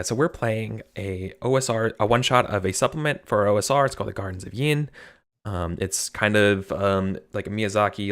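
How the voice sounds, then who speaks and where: A man's voice: on the low side, a bit bright. An American man hosting a live tabletop game stream as game master, talking in a rambling, chatty way with frequent laughter.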